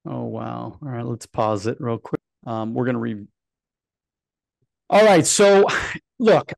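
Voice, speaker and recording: A man's voice: mid-range voice, slow, vocal fry, darkish tone, no room sound. A man hosting an interview, hyped up and casual with slangy praise. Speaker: podcast host.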